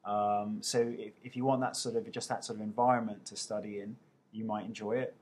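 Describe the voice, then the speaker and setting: A man's voice: fairly low pitch, little pitch movement, a little fast, a little mellow, slightly rough. A young man with an English accent, casually answering viewers' questions over a webcam, chatty and poking fun at himself. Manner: chatty, self-mocking, playful.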